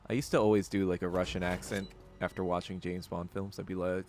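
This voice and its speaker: A man's voice: sits low, flat delivery, a little fast, hardly any pauses, darkish tone, a little hiss or hum. A man hosting a podcast, joking through casual gameplay commentary. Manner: joking, laughing often. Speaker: podcast host.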